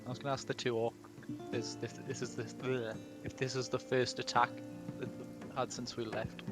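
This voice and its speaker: A man's voice: medium pitch, level tone, moderate pace, music in the background. A man playing a tabletop game, laid-back and joking. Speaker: player. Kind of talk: casual tabletop play.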